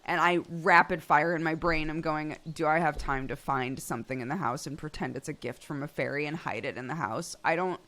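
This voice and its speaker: A woman's voice: deep voice, a little fast, hardly any pauses, fairly bright tone. A woman in her thirties, a streamer, casually telling chat an exasperated story with bursts of laughter. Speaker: streamer host.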